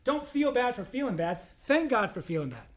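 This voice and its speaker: With a very high-pitched, very animated voice and a brisk pace, this pastor preaches in a relaxed, humorous style. He chats with the congregation and performs the quoted voices as he goes.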